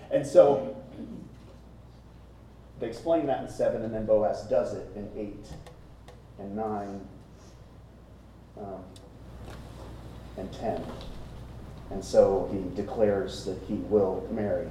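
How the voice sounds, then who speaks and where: A man preaching a sermon to a congregation, conversational and animated, often asking the room rhetorical questions. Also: fairly low pitch, slow, pauses often, slight background noise. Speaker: pastor. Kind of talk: expository sermon. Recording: very echoey room, speaker distant from mic.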